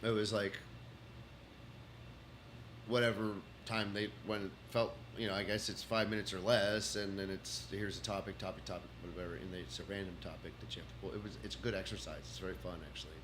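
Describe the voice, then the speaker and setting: A man's voice: sits low, fairly even intonation, a little fast, fairly bright tone. Texas guy rambling thru his notes on a stream, keeps restarting, bit of hum behind. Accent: Texan. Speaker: comedian doing a livestream. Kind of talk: casual rambling monologue.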